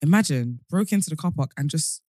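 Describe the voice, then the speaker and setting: A woman's voice: sits low, fairly quick, no echo, clean studio sound. A woman co-hosting a podcast, telling stories in casual chat and laughing often. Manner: laughs often, animated storyteller. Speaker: podcast co-host.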